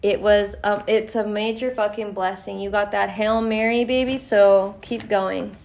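A woman's voice: medium pitch, steady tone, measured pace, creaky, darkish tone, slight background noise. A young woman giving a casual tarot reading on her podcast, talking in a blunt, profane and encouraging way. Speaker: tarot reader.

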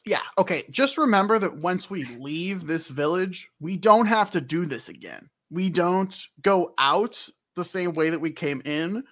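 Casual, jokey male co-host with a high, bouncy voice recapping a video game. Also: unhurried, few pauses. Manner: animated, jokey, acts out characters in silly voices.

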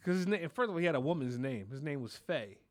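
A man hosting a podcast, telling a crude, animated comic story about his family and peppering it with "you know what I'm saying.". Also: on the high side, fast, no echo, studio quality. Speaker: podcast host.

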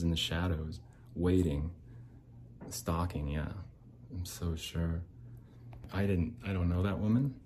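A man with a low, mellow voice delivers a casual podcast monologue. He rambles and restarts often, and his tone turns sarcastic and bitter. A faint hiss sits under the recording. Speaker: podcast host.

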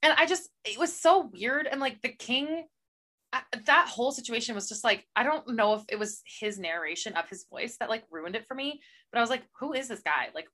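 Young female co-host, bright tone, sarcastic and exasperated. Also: on the high side, lively intonation, brisk. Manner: exasperated, sarcastic commentary with mock dialogue. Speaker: podcast co-host. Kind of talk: casual chat about books.

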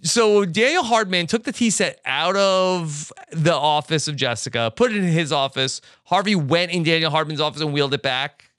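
A man hosting a podcast, recapping a show in easygoing casual chat, often pausing on fillers. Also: a little high, a bit bright, dry recording, clean studio sound. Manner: easygoing, hesitant with fillers, brief backchannels. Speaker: podcast host.

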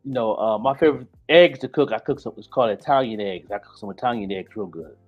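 A man's voice: on the low side, quick pace. A man from Buffalo, New York, with a Buffalo accent, chatting casually as a podcast guest, with lots of restarts and easygoing slang. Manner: repetitive restarts, laid-back slang. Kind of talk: casual interview chat. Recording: dull lo-fi sound with faint music.

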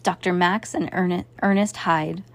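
A woman's voice: on the low side, steady tone, a little slow, vocal fry. A woman voicing a tall, skinny male clown who cracks cheeky jokes, reading a storybook. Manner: joking, cheeky.

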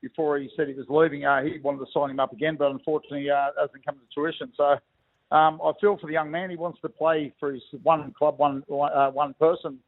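Gravelly Australian man on a phone line. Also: a little high, level tone, a little fast. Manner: matey, calls everyone "mate", reminiscing. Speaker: phone-in guest, former rugby league player. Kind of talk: casual radio chat over the phone. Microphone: telephone.

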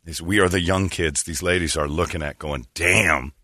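A young man with a low, forceful voice tells a story on a talk show. His delivery is sardonic and full of mocking asides. The sound is dry and close. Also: fairly even intonation, brisk, no echo. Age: young adult. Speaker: radio show co-host. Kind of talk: casual comedic chat.

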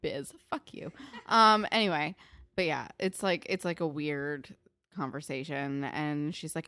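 A young woman with a fairly low voice rants about a TV show in exasperated, sarcastic chat and swears freely. She is recorded dry and close, with no reverb. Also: a little slow, sharp tone. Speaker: podcast co-host. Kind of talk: casual chat recapping a TV episode.

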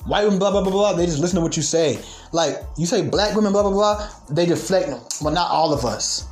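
A man's voice: sits high, a little fast, faint music behind. A man vlogging in a profane, mocking and sarcastic rant. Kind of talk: ranting commentary.

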